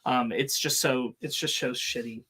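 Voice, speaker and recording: A man's voice: mid-range voice, steady tone, normal speed, pushed and bright, breathy edge. A man co-hosting a podcast, talking earnestly and thinking aloud with restarts. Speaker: podcast co-host. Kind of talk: casual podcast chat.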